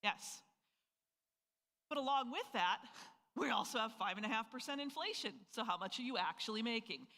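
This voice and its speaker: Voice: medium pitch, animated, moderate pace, pauses often, sharp tone, long reverb tail. A financial planning presenter from North Dakota giving a live seminar and firing rhetorical questions at the audience. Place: event hall with a live audience.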